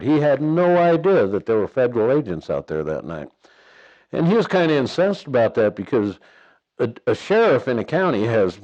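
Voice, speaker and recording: A man's voice: medium pitch, darkish tone. Folksy man telling a story, slightly muffled. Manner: folksy, plain-spoken, chuckles through his story. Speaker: buffalo ranch worker telling his own story. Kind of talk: casual spoken storytelling.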